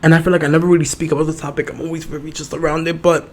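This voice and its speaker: A man's voice: a little high, very fast, creaky, slight background noise. Sassy, campy young male podcaster. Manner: sassy, profane, campy and animated. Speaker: podcast host. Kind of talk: casual solo podcast chat.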